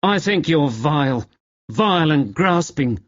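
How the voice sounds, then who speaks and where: A man voicing a tactless, protective middle-aged wife who speaks in a shrill, accusing way. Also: lively intonation, a little slow, fairly bright tone, dull audio. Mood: outraged.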